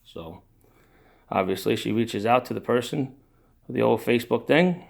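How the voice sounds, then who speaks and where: An older man, his voice mid-range, gravelly and creaky, tells his family's story at an unhurried pace with lively intonation. He rambles casually, strays onto side topics, sighs and begins sentences over, clearly moved and emotional as he talks.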